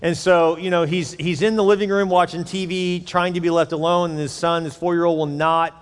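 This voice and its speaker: Joking preacher in an echoey hall. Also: male voice, a little high, little pitch movement, brisk, smooth. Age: middle-aged. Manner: conversational, joking, candid. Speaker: pastor. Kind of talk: sermon. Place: church auditorium.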